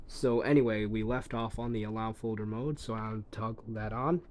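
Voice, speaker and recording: A man's voice: lowish voice, normal speed, slight background noise. Casual man thinking aloud in a demo. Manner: relaxed, thinks aloud with ums and trailing asides. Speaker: tech reviewer demonstrating a device. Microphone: phone.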